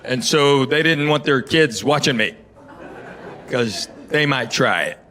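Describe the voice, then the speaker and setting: A middle-aged man with a Southern US accent doing a stand-up set, telling stories in a drawling, deadpan way and acting out dialogue. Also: medium pitch, a little slow. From Tennessee, US South. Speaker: stand-up comedian. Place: large theater stage before a live audience. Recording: echoey live room, loud crowd laughter.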